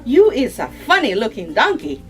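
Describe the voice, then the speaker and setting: A goofy, confused storybook donkey, put on by a woman reading aloud. The voice jumps up high and loud with cheerful puzzlement. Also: wildly swooping pitch, moderate pace, soft background music.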